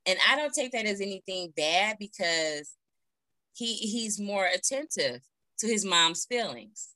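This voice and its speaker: A woman's voice: medium pitch, big pitch swings, measured pace, sharp tone, no echo, low-quality recording. A woman in her thirties telling a personal story as an interview guest on a video call, earnest and heartfelt, with many fillers.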